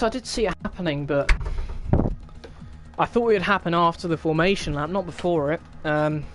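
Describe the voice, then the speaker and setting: A young man hosting a racing league stream, chatting casually in a wry, rambling way and laughing often. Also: high voice. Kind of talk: casual live-stream chat.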